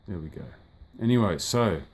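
Low-voiced, rambling man reviewing toys. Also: expressive, moderate pace. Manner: rambling, offhand, swears at the sunlight. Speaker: toy collector reviewing a figure. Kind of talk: casual unboxing review. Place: indoors by a sunny window.

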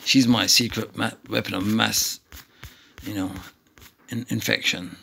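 Gravelly man rambling over gameplay. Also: on the low side, steady tone, unhurried, sharp tone, rough recording. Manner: playful, chatty, wanders off on tangents. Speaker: mobile game streamer.

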